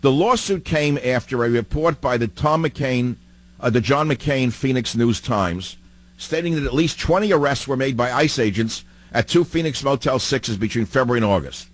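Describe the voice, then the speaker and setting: A political talk radio host delivers an animated, combative monologue at a moderate pace. He fires off rhetorical questions and repeats points emphatically, swinging between loud outbursts and low muttering.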